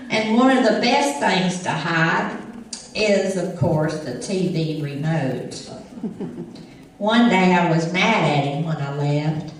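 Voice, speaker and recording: A middle-aged comic impersonator with an East Tennessee country accent tells folksy, funny stories to a live crowd and laughs at her own jokes. Her voice is mid-range, with a slight hiss or hum, and the echoey room was recorded from far off.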